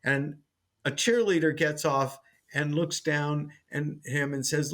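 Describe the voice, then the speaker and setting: A man's voice: a little high, fairly even intonation, slow pace, fairly bright tone. A man, a sitcom writer and teacher, telling a story in an interview, with frequent restarts.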